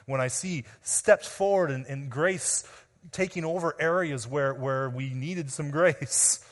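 A man preaching an expository sermon as pastor, earnest, addressing the men and women before him, often dropping quietly at the ends of phrases. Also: fairly high pitch, takes it slowly. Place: church sanctuary. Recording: long reverb of a large room.

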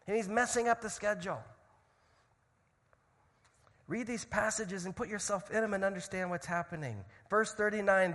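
A man preaching a sermon, telling a story dramatically and swinging from loud shouts to hushed tones. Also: high-pitched, long reverb tail.

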